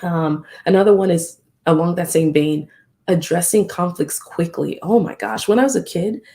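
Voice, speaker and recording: Brief: live-stream host, reflective and candid, slight vocal fry, mid pitch. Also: normal speed, mellow. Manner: reflective, candid, acts out remembered exchanges. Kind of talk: casual live-stream talk.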